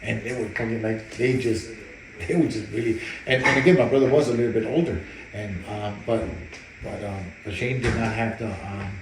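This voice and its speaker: Profane, animated male boxing trainer. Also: fairly low pitch, normal speed, roomy sound, noisy background. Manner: profane, animated, repeats words while telling stories. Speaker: boxing trainer and cutman, guest. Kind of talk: casual interview storytelling.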